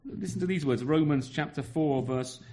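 Earnest preacher, somewhat high voice. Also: male voice, moderate pace, mellow. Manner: earnest, emphatic, repeats words while building a point; addresses children in the congregation. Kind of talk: sermon.

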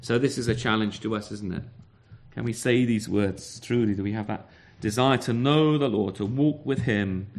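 A man's voice: lowish voice, moderate pace, darkish tone. A man preaching a sermon, earnest, often repeating words and asking rhetorical questions.

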